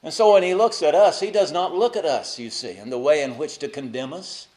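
This male pastor's sermon comes a little fast, in a voice on the high side. Loud, emphatic lines give way to soft asides, and he puts rhetorical questions to the congregation.

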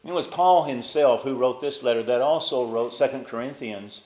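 A male preacher delivers a sermon with passion, sinking to near-whispers on key phrases before building back to raised emphasis. His voice sits at an ordinary middle pitch. The room around him rings with noticeable echo. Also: moderate pace. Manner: impassioned, swings from hushed to raised emphasis. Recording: echoey room.

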